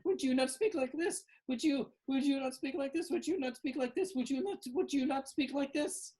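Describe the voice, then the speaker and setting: Woman as eccentric candy boss, shrill, high, flustered, repeats lines. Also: moderate pace, dark tone, natural voice. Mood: frantic. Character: eccentric candy factory owner, high and odd.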